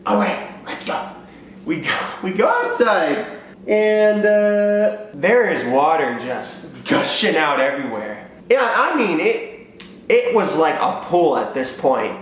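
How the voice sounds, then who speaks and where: Young man, comic storytime vlogger, very lively pitch, self-mocking, very echoey room. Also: slow. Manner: animated and self-mocking, acting out scenes. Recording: very echoey room, faint noise.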